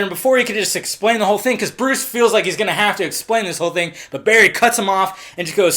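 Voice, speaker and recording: A man with a fairly high voice talks through a film trailer in a casual review monologue. He is excitable, curses freely and keeps breaking off into lively asides. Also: quick pace, hardly any pauses.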